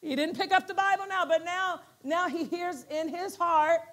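A woman pastor with a high voice preaches a sermon as a story. She acts out quotes with animated swings and sudden bursts. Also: moderate pace.

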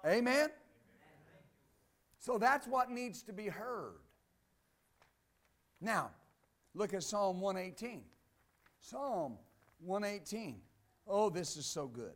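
Male pastor with a strikingly high voice, preaching exuberantly, bursts of laughter, loud and soft in turn. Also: very animated, slow pace, long pauses. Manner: exuberant preaching, swinging between loud declarations and quiet asides; laughs between points. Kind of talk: sermon.

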